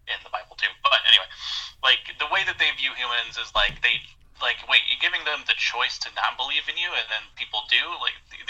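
Bright-voiced, hesitant male podcast co-host. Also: medium pitch, rough recording. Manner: thoughtful, hesitant, fillers like "like" and "um". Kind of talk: casual movie discussion.

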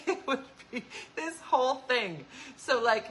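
A woman with a fairly high, slightly bright voice hosts a casual chat show, talking animatedly with viewers at a moderate pace. She is chatty, laughs a lot, and acts out the voices of people she quotes. The recording is rough.

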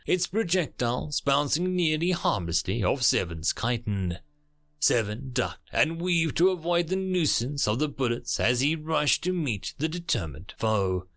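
A man narrating a dramatic story in a lively, animated voice whose pitch rises and falls a great deal. He reads steadily and expressively, like an audiobook.

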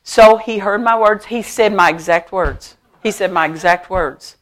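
Animated middle-aged woman pastor preaching. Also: medium pitch, unhurried. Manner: animated storytelling with frequent laughter; emphatic, repeats key phrases. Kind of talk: sermon. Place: church service.

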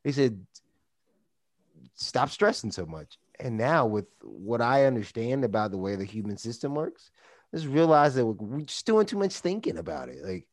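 A man's voice: medium pitch, expressive, normal speed, vocal fry, darkish tone, dry recording, studio quality. A man with a Texas accent, a coach talking casually on a podcast, rambling with lots of "like" and restarts. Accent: Texan. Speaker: life coach guest.

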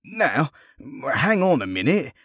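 A man voicing a gruff old ex-sailor. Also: fairly low pitch, lively intonation, normal speed, no room sound, studio quality, exaggerated voice. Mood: protesting. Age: older. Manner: firm, gently reassuring. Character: gruff retired sailor, kind but weary.

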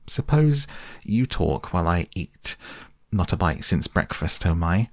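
Guy reading as a grumpy mole, grumbles fast, gravelly low voice. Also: sing-song, darkish tone, no echo, studio quality, exaggerated voice. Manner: grumbling, brisk. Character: grumpy hungry male mole, blunt. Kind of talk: storybook reading.

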